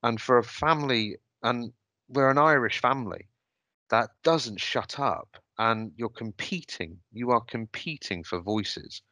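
A man's voice: mid-range voice, measured pace, bright, forceful tone, no echo. A man telling a personal story on a podcast, hesitant and reflective, often restarting his sentences. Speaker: podcast host.

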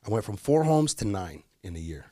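In a fairly low voice and at a brisk clip, a Detroit comedian spins a long, animated story as a podcast guest, cursing freely and imitating the characters. The sound is studio quality with no room sound.

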